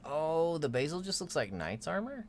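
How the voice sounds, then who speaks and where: A man's voice: on the high side, big pitch swings, moderate pace, a little hiss or hum. Rambling, playful man streaming a game. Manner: rambling, playful, fond of mock pronunciations. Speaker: livestream co-host. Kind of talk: casual gaming stream chat.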